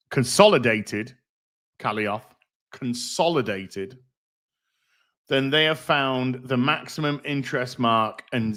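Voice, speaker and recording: A man's voice: medium pitch, a bit bright. A middle-aged man hosting a casual livestream, rambling, reading out donations and swearing freely. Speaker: livestream host.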